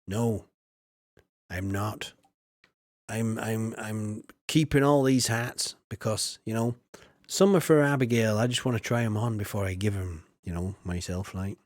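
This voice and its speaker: A man's voice: on the low side, unhurried, darkish tone, dry recording, clean studio sound. A man, casually commenting while streaming a farming game, chatty and jokey as he reads chat aloud.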